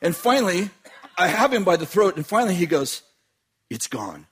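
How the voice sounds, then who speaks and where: A man telling a dramatic personal story with laughter and bursts of shouting. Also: high voice, lively intonation, fairly quick, breathy edge.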